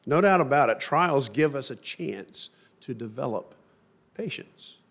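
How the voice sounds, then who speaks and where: A middle-aged man preaching a sermon and reading scripture in a measured, emphatic way. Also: mid-range voice, lively intonation, creaky, a bit bright. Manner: measured, emphatic delivery with slow stressed phrases.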